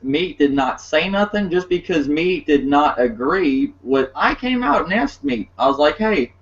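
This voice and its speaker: Podcast host, male, fairly high voice, complaining and insisting he is right, dull lo-fi sound. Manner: aggrieved, defensive, repeats himself. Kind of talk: heated podcast argument.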